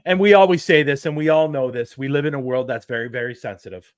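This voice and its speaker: A man's voice: medium pitch, quick pace. A man hosting a casual podcast chat, agreeable and laughing along with his guest. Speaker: podcast host.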